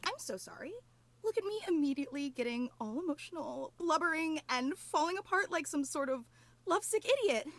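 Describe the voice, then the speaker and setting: High clingy superfan girl, gushy, teary, says sorry a lot. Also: expressive, fairly quick, fairly bright tone. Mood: gushing. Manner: gushing, tearful and over-apologetic. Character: clingy, emotional obsessive female superfan. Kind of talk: video game voice acting.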